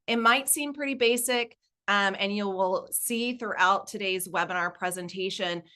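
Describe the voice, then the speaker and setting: A woman's voice: mid-range voice, normal speed, sharp tone. A woman in her forties with a Southern US accent, presenting a webinar as a nonprofit consultant, casual, upbeat and chatty. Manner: upbeat, chatty, laughs easily.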